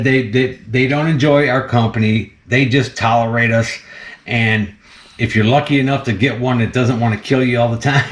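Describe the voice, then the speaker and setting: A man's voice: medium pitch, echoey room. A man hosting a casual vlog while feeding a snake, chatty and laughing often as he talks to the animal. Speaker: snake keeper and channel host.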